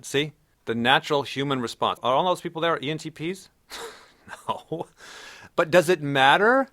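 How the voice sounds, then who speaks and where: A man's voice: fairly high pitch, normal speed, pushed and bright. A man giving a casual, blunt lecture, swearing freely and acting out the people he quotes. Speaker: personality typing instructor.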